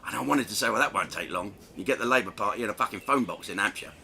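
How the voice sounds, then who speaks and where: A middle-aged man telling a crude, self-mocking anecdote in an animated way, laughing between lines. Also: lowish voice, quick pace, gravelly, slight background noise. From England. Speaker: comedian telling a story. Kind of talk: storytelling anecdote.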